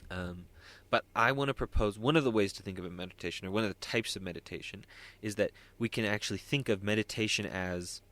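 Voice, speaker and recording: A man's voice: on the low side, quick pace, fairly bright tone. A man hosting a solo podcast, talking in a rambling, self-interrupting way with wry asides. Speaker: podcast host.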